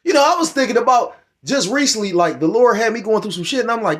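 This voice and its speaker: Middle-aged man, high-pitched voice, heated profane rambling, scripture commentary. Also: animated, fast, few pauses, fairly bright tone. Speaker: religious commentator.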